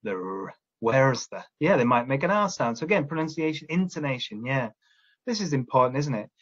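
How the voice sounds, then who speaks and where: A man's voice: mid-range voice, very animated, a little fast, a bit bright, highs cut off. A man training teachers, explaining classroom steps and checking in often with "all right?". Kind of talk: instructional talk to teachers.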